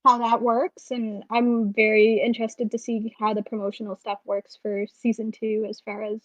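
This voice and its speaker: A woman co-hosting a live online show, chatting casually, animated and joking with quick asides. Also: on the high side, no room sound, dull audio. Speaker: co-host. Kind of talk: casual chat.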